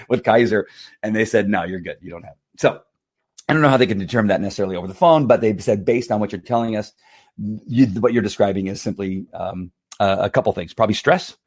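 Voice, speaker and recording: Slightly hoarse man rambling on a livestream. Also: on the low side, a little mellow. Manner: rambling, repeats words, laughs often. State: slightly hoarse from strained vocal cords. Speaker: livestream host. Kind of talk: casual livestream talk.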